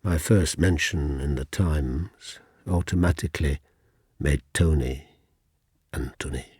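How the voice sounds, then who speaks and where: A man reading his own poems in a slow, deliberate way, sometimes dropping to a near-whisper. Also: rumbling low, darkish tone, no echo, clean studio sound. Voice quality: husky. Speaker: poet. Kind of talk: poetry reading.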